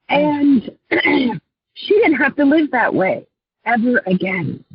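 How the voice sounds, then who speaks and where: Husky-voiced woman coach, earnest. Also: high voice, very animated, takes it slowly, no echo, lo-fi sound. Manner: earnest and heartfelt, often clears her throat. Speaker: life coach. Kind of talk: guest storytelling in an interview.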